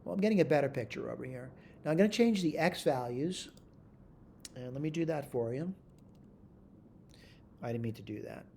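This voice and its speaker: A man's voice: medium pitch, expressive, moderate pace, vocal fry, pauses often, darkish tone, a little hiss or hum. A man teaching math in a screen-recorded tutorial, talking his steps through aloud, correcting himself and checking in with "all right?". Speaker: math instructor.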